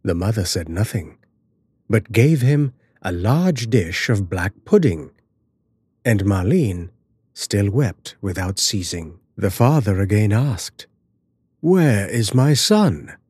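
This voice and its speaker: Male narrator for a dark fairy tale, husky, unhurried, lively pitch, dry close sound. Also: no echo. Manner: measured, dramatic storytelling.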